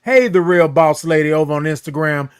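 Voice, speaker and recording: Lively high-voiced livestream host. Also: male voice, smooth, no room sound, studio quality. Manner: animated, sings out drawn-out good mornings; greets chat viewers by name. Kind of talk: casual livestream talk.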